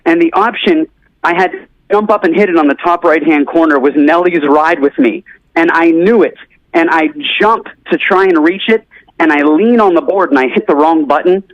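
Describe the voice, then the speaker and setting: A man telling an animated story as a guest on a talk show, acting out the people he quotes. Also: fairly high pitch, moderate pace, dry recording, muffled recording. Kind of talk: casual storytelling.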